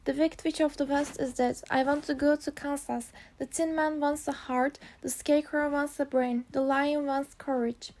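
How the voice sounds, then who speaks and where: A woman's voice: high-pitched, flat delivery, normal speed, few pauses, a little mellow, close to an everyday voice. A woman reading the lines of an earnest young girl heroine in a storybook, in a plain, earnest way.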